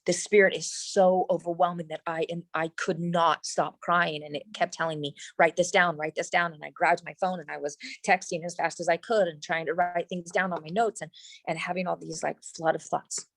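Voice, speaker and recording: A middle-aged woman, a guest in an interview, telling a personal story in an animated, emphatic way with frequent restarts. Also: on the low side, moderate pace, no room sound, poor audio.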